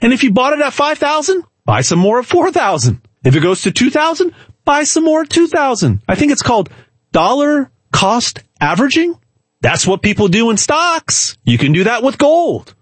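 A man giving an emphatic, hard-selling pitch straight to the viewer, repeating words and restarting often. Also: very animated, normal speed, husky, no echo. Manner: emphatic, repetitive, stumbles and restarts. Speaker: gold sales pitchman. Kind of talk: direct-to-camera sales pitch.

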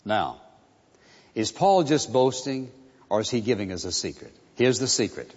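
A male pastor delivers a sermon in a slow, emphatic cadence and leans on repeated phrases. His voice sits in an ordinary middle pitch. The sound is a little muffled and rings with the long reverb of a large hall. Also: lively intonation, darkish tone.

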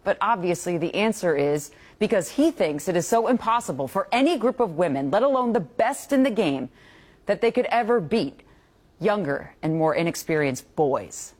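A woman's voice: lowish voice, animated, moderate pace, darkish tone. A woman news anchor reading a scripted, disapproving commentary segment. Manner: pointed, disapproving editorial delivery.

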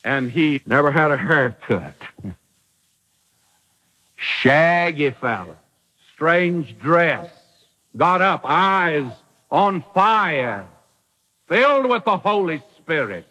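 A man's voice: on the high side, big pitch swings, very slow, long pauses, sharp tone, poor audio. A man preaching a dramatic sermon, acting out the quotes in the bible story.

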